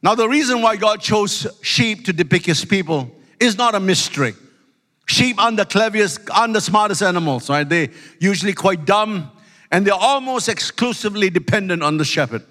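High bright preaching man, hall reverb. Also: lively intonation, normal speed. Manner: emphatic preaching with hallelujahs and call-outs. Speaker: pastor. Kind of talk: sermon. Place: church sanctuary.

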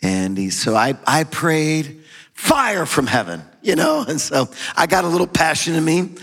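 Gravelly-voiced preacher in a reverberant hall. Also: male voice, fairly high pitch, very animated, measured pace. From half German, half Hispanic. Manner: storytelling, swings from shouting praise to quiet asides. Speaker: pastor. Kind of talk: sermon.

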